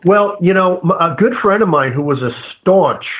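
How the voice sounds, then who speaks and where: A man speaks as a guest in a casual interview, and he comes through a thin, tinny line that sounds like a phone call. He talks haltingly, circling back with fillers and restarts as he makes his point. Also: sits high, expressive. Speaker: guest paranormal investigator.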